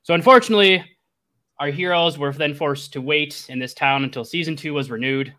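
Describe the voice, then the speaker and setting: A man voicing a grandiose male anime narrator in a tabletop game, slow and announcer-like. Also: on the high side, pushed and bright.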